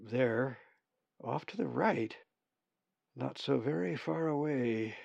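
Slow gravelly male storybook narrator. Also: mid-range voice, a little mellow, no room sound. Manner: slow, measured reading. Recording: dull lo-fi recording, dry.

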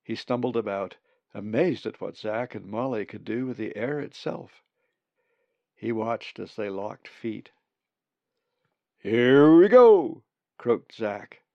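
A man reads a children's story aloud in a slow, measured way. His voice is low and gravelly. The recording is dry, dull and lo-fi. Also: no echo. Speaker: narrator. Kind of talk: storybook narration.

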